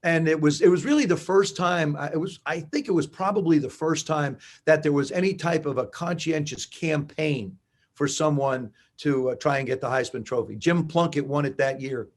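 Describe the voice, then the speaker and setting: A man in his seventies from New Jersey, a guest in an interview, telling animated stories and acting out dialogue. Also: on the high side, normal speed. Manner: animated anecdotes with acted-out dialogue. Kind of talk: conversational storytelling.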